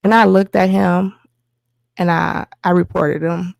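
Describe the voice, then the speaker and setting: Gravelly woman telling her story. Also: on the low side, measured pace, dry recording. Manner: animated retelling with quoted dialogue. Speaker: guest, host's wife. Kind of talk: personal storytelling.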